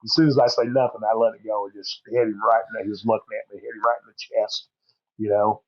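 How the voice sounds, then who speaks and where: A middle-aged man with a low voice tells a story in a rambling, folksy way, full of fillers. The recording is dry and a little dull, with no room sound. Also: little pitch movement, fast, no echo. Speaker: podcast guest. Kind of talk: casual storytelling.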